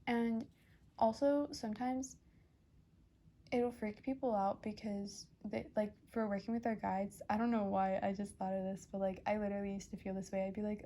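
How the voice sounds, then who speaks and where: Chatty young woman, mellow voice. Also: mid-range voice, little pitch movement, normal speed, a little hiss or hum. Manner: chatty, rambling with many fillers and restarts; emotional, gushing. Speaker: tarot reader. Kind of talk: casual pick-a-card reading.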